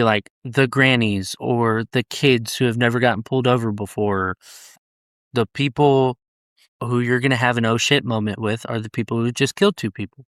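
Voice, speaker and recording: A man's voice: mid-range voice, fairly bright tone, clean tone, dry recording, studio quality. A man, a police officer, telling stories in a casual, blunt and profane way, slipping into the voices of the people he quotes. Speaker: police officer, podcast guest. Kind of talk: casual storytelling chat.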